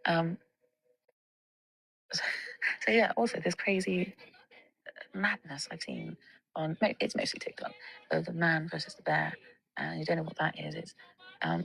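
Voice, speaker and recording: A woman's voice: low-pitched, creaky, husky, dry recording, poor audio. A young woman in a casual monologue, ranting with lots of swearing and filler words. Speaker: vlogger.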